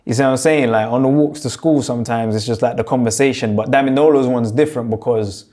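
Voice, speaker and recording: A man's voice: medium pitch, fast, mellow. Young male guest, Jamaican-London accent, loose slang-heavy storyteller, mid-range voice. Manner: laid-back street slang, lots of "you get me". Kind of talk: casual interview, storytelling.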